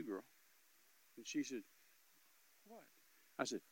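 An older man preaching, telling a story and acting out both voices with rising, loud peaks. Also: medium pitch, a little slow, pauses often, no echo, rough recording. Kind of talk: sermon storytelling.

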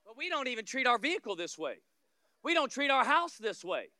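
A man from Florida preaches as a guest pastor in a very bright, piercing voice. His sound is dry and close, with no room around it. He tells stories, acts out little scenes, jokes with the congregation and climbs to loud peaks. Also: very high voice, big pitch swings, brisk, dry recording. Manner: humorous asides to the congregation. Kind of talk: sermon.

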